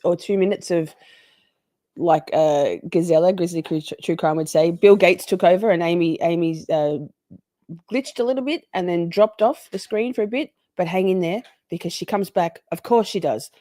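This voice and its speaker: Aussie woman streamer chatting to viewers, lowish mellow voice. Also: no room sound. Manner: chatty, greets viewers by name. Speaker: livestream host. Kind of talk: casual livestream chat.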